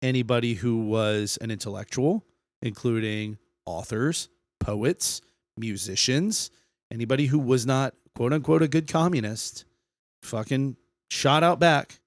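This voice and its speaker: A man's voice: mid-range voice, a little slow, no echo. A man co-hosting a podcast, casually explaining history and swearing a lot. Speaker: podcast co-host.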